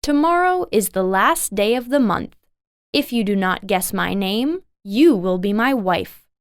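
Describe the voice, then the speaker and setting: A woman's voice: mid-range voice, animated, measured pace, clear, resonant tone, no echo, natural voice. A woman voicing a small, sly male imp who bargains and teases in a storybook. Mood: teasing.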